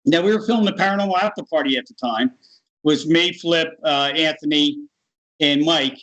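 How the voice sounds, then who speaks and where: An American man in middle age tells his story casually and with feeling. His voice sits a touch high, and he laughs as he goes. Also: moderate pace, rough recording. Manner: animated, laughs while telling. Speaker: guest.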